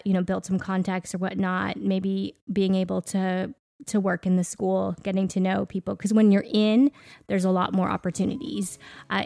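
A woman in her thirties chats casually on her podcast, thinking aloud with plenty of ums. Her mid-pitched voice has a gravelly fry to it. The recording is dry and close to the mic. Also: darkish tone, dry recording. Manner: conversational, reflective, many fillers. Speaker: podcast co-host.

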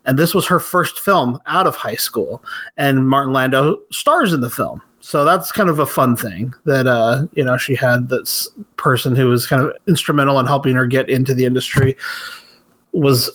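A man's voice: mid-range voice, moderate pace, a bit bright. A man from the western United States hosting a podcast, chatting casually and enthusiastically about a horror film with frequent chuckles. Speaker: podcast host. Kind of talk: casual film review chat.

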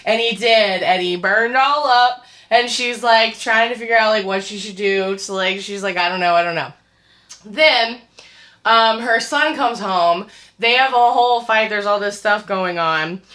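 A woman's voice: mid-range voice, unhurried. A woman casually recapping a horror film in chat, acting out the scenes and swearing freely. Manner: animated storyteller, acts out scenes; swears casually, says "like" often. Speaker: podcast co-host recapping a film.

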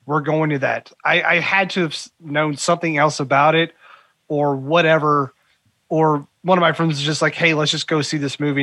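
A man's voice: on the high side, pushed and bright, no echo. A man co-hosting a podcast, talking animatedly about a movie trailer with lots of "like" and acted-out quotes. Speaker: podcast co-host. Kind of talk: casual movie chat.

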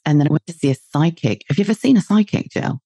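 A woman's voice: deep voice, expressive, fast talker, mellow, husky, no room sound, clean studio sound. A woman in her forties from the UK, a podcast host chatting casually in a blunt, sweary way and laughing often. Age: 40s. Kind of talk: casual chat.

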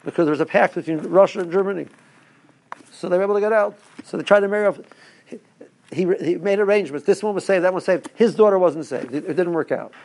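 A man's voice: sits high, fast talker, darkish tone. A man, a rabbi, giving a rambling Torah talk to his listeners with stories and asides. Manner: rambling, restarts, storytelling asides.

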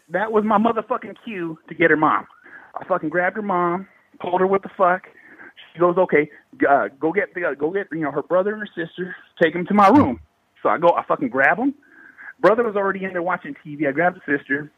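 A man's voice: sits high, fast, husky, no room sound, narrow, tinny audio. A man in his thirties from the Bay Area, telling a paranormal story in slangy, profanity-heavy casual talk. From Bay Area, California. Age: 30s. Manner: heavy swearing, slangy and animated.

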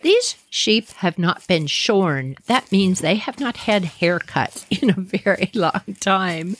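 A woman hosting a podcast, telling a personal story in an animated way and often laughing as she goes. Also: a little high, background noise. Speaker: podcast host.

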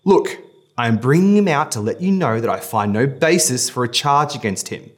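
A man voicing a stern, uneasy Roman governor who fires off sharp, demanding questions. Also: medium pitch, expressive, normal speed, voice pushed up, lightly acted.

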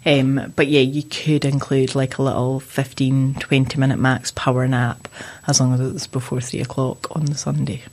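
A woman's voice: extremely low pitch, level tone, normal speed, few pauses, darkish tone. A woman sleep consultant in a casual podcast chat, giving matter-of-fact, reassuring advice.

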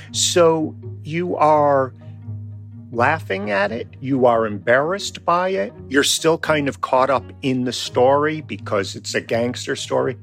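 A man with a gravelly, mid-pitched voice speaks earnestly as he tells stories from his own life in an interview. Faint music plays under him. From Connecticut, United States. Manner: earnest, storytelling. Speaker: author interviewed as guest. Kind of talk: reflective interview.

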